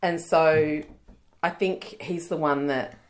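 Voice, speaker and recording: A woman's voice: low-pitched, steady tone, takes it slowly. A woman, co-hosting a casual chat podcast and telling stories with lots of laughter and acted-out quotes. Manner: chatty storyteller, laughs often, acts out quoted voices. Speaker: podcast co-host.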